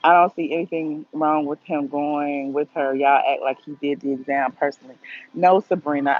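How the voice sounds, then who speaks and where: A woman's voice: sits low, narrow, tinny audio. A woman talks casually to her viewers in a livestream, speaking her opinions bluntly and reading out their comments as she goes. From Atlanta, USA. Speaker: gossip vlogger answering live chat.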